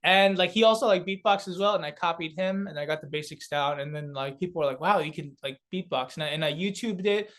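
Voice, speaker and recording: Fast and with few pauses, a young South Korean guest on a comedy podcast chats in a fairly high voice. The talk is casual; he laughs his way through animated stories sprinkled with many fillers.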